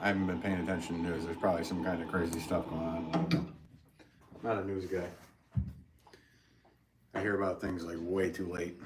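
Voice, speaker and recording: A man's voice: deep voice, flat delivery, a little fast, pauses often, very noisy. A man with a Connecticut accent, chatting casually with viewers on a livestream from his pottery studio and answering comments with little laughs. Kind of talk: casual livestream chat while working.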